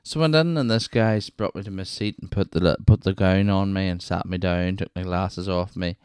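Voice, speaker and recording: A man's voice: sits low, moderate pace, a little mellow, clean tone, no room sound, studio quality. A Northern Irish man hosting his own podcast, telling stories in a chatty, rambling way that doubles back on itself. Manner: rambling, chatty, self-interrupting with wee asides. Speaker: podcast host. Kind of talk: casual solo storytelling.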